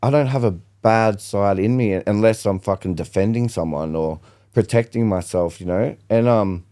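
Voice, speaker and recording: A man's voice: fairly low pitch, normal speed, mellow. A young man, a podcast guest, telling his story bluntly and with lots of swearing in casual chat.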